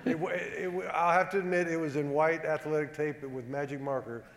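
Animated man telling stories in a hall. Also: a little high, normal speed. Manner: animated, self-deprecating, acts out quoted dialogue. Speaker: former football player giving a talk. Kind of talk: humorous storytelling speech to a live audience. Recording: echoey hall with long reverb.

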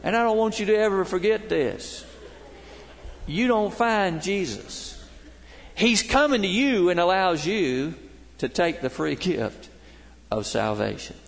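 A man's voice: sits high, vocal fry. An older man preaching a sermon, telling folksy stories and jokes to his congregation. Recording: long hall reverb.

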